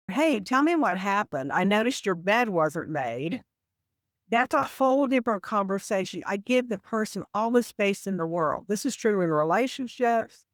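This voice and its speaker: A woman guest on a podcast interview, explaining habits in a measured, example-filled conversational way. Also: medium pitch, dry recording. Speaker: podcast guest, communication coach.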